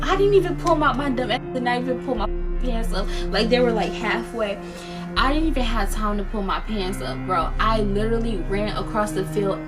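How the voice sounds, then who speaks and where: A young woman casually retelling a personal story in a lively vlog, full of slang and dramatic quoted voices. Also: mid-range voice. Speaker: storyteller vlogger.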